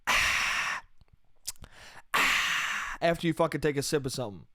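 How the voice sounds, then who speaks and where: A man's voice: a little high, animated, very fast, no echo, clean studio sound. A young man hosting a solo comedy podcast, rambling and self-mocking, swearing freely and calling the listener dude and bro. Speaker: podcast host.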